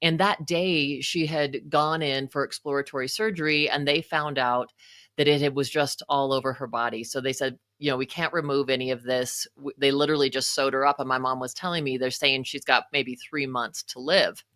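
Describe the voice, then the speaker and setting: Female guest, low-pitched, emotional storyteller with chatty asides. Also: fairly even intonation, normal speed, a bit bright, no room sound, studio quality. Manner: emotional, frequent "you know" asides. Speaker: guest, psychotherapist and author. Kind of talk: personal storytelling in conversation.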